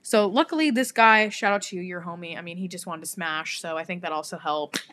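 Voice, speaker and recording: A young woman co-hosting a podcast, telling a story in casual chat, animated, swearing freely and laughing often. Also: lowish voice, brisk. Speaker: podcast co-host.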